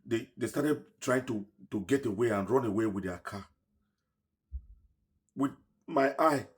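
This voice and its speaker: A man's voice: mid-range voice, a little slow. Man earnestly recounting his own story. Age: middle-aged. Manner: earnest, emotional retelling, often dropping to a hushed voice. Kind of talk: personal story told to camera.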